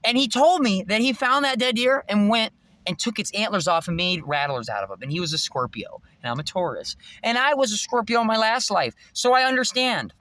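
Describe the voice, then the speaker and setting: Man, rambling spiritual vlog, bright forceful voice, dry close sound. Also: sits high, expressive, brisk, no echo. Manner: intense, preachy, swears freely. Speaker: vlogger.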